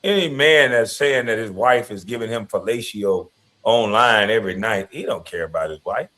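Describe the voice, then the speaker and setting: A man's voice: fairly low pitch, normal speed, sharp tone. A man giving casual commentary in a blunt, preachy, moralizing way.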